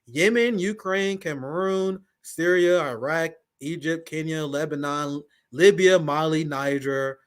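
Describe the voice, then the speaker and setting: A man's voice: fairly high pitch, a little slow. A man hosting a political talk stream, reading news aloud and commenting in a loose, slangy way with frequent laughs. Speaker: host.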